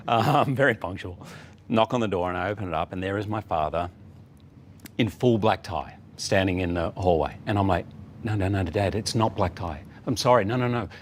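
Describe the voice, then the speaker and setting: Man, middle-aged, lowish voice, talk-show guest, lively storytelling, faint background hiss. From Australia. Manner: animated storyteller acting out quotes. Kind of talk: casual talk-show anecdote.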